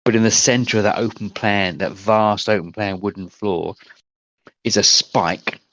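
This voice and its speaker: A man with a fairly low voice runs a tabletop game over online chat. He describes each scene in a rambling, hesitant way, stopping on small fillers as he goes. The sound is dry, with no room around it. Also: fairly even intonation, a little slow, fairly bright tone, no echo. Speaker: game master.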